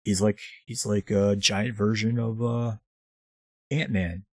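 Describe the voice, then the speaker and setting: Man, low husky voice, casual profane recapper, dry sound. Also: flat delivery, slow pace, a little mellow, dry recording. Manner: profane, rambling movie recap with mocking impressions. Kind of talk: casual chat.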